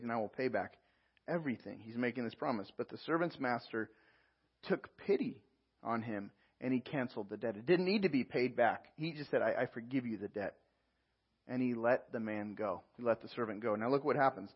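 Husky-voiced pastor preaching a sermon. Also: male voice, medium pitch, lo-fi sound. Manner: reads scripture aloud and explains it verse by verse.

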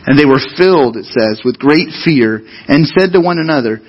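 A man's voice: a little high, expressive, normal speed, few pauses, slightly rough, dull audio. A man preaching a sermon as pastor, talking to the congregation in a loose, conversational, storytelling way.

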